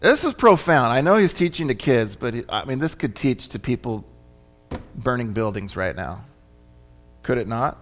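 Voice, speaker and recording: A man's voice: medium pitch, lively intonation, normal speed, fairly bright tone, soft background music. A male pastor preaching a conversational sermon, often asking his congregation questions. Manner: chatty, asks the congregation questions.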